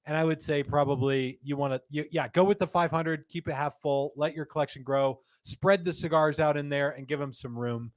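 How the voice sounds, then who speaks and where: A man's voice: fairly high pitch, fairly even intonation, brisk, hardly any pauses, no echo. A man hosting a casual livestream chat, talking in a chatty, joking, rambling way. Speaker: livestream host.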